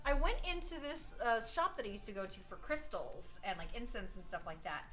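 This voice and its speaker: An American woman chatting casually on a live stream, telling rambling, animated stories. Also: fairly high pitch, fairly quick, faint music behind. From United States. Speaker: streaming artist.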